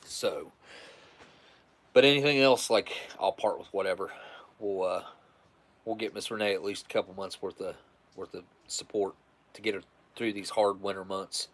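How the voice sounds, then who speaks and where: A man hosting a casual livestream, chatting in a rambling, relaxed way and repeating words as he thanks his viewers. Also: low voice, normal speed, long pauses. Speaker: livestream host. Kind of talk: casual livestream sign-off chat.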